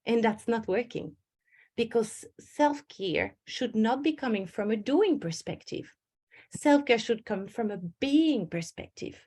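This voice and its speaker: A woman's voice: fairly high pitch, animated, unhurried, a little mellow, husky. A middle-aged woman, a stress management coach giving a webinar and telling stories with acted inner voices. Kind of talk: webinar presentation.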